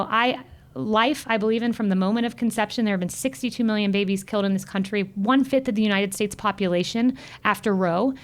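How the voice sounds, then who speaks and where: Smooth-voiced earnest woman in her thirties. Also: fairly high pitch. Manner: earnest, heartfelt, animated retelling. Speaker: interview guest. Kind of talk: personal storytelling in an interview.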